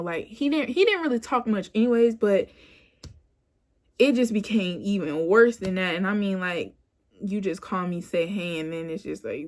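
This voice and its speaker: A young woman in her twenties chats through a personal story, rambling and loose, leaning on filler words. Her voice sits at an ordinary middle pitch. It is caught on a phone camera indoors at home. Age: 20s. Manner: chatty, rambling with frequent "like" and "you know"; animated when quoting herself. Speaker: vlogger. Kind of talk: casual storytime.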